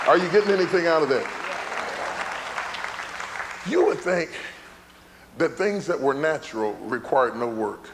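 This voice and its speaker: Emphatic preacher in a big hall. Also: male voice, on the high side, expressive, measured pace, pauses often, a faint crowd, slight background noise. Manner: emphatic repetition, rising to shouts. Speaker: pastor. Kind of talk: sermon. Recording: large hall with live audience.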